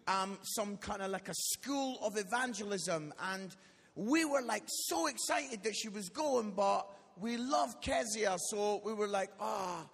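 A Scottish man in his forties, guest preaching to a live audience in a church hall, tells funny stories in a high, fairly bright, slightly rough voice. He jokes around, acts out quotes, and often tags his lines with "yeah?", while the hall adds long reverb to the recording.

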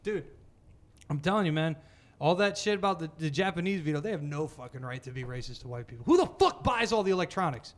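A man's voice: fairly high pitch, animated, fast talker. A man in casual chat, telling stories full of swearing and laughter. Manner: profane, laughing storyteller.

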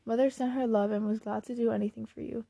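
A spirited, daring teenage girl, read by a woman, speaking briskly and cheerfully. The voice is mellow with a gravelly edge. It sounds like a close, dry storybook reading. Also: on the high side, steady tone, no echo. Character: bold, lively teenage girl, daring and kind.

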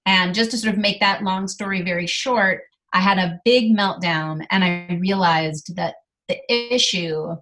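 A middle-aged woman speaking as a guest, candidly telling a personal story with lively delivery. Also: fairly low pitch, unhurried, faint music behind. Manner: animated, acts out quoted dialogue.

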